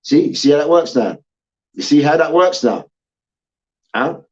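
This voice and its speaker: A man on a sports debate show delivers a heated, profane rant. His voice sits a little high, and he hammers his points home through repetition. The recording sounds muffled and lo-fi. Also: normal speed. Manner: animated, profane, repeats his points for emphasis.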